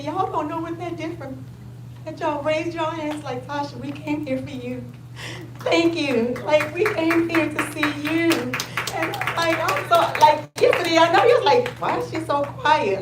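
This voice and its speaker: High, animated woman in an echoey room. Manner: animated, excitable, loud outbursts then soft and heartfelt. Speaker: attendee asking a question. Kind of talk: emotional, chatty sharing at a live event. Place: large event room with an audience. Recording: echoey room, noisy ambience.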